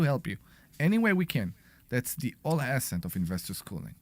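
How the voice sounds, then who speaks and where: A man's voice: mid-range voice, big pitch swings, a little fast, dry recording. A man co-hosting a radio talk show, playful and teasing, often cutting in. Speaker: co-host.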